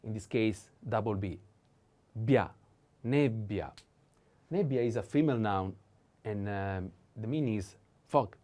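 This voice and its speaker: A man's voice: lowish voice, moderate pace, darkish tone. A man with an Italian accent teaching a whiteboard lesson, pronouncing each word several times and explaining in non-native English.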